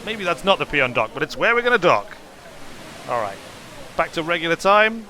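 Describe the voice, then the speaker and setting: Lively, bright-voiced man commenting on gameplay. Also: fairly high pitch, moderate pace. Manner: rambling and playful, trailing off and restarting. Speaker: game commentator.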